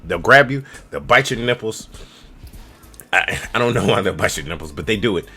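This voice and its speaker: A man's voice: on the low side, lively intonation, moderate pace, bright, forceful tone. A man in his twenties giving loose, slangy, rambling travel advice straight to camera as a casual vlogger. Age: 20s.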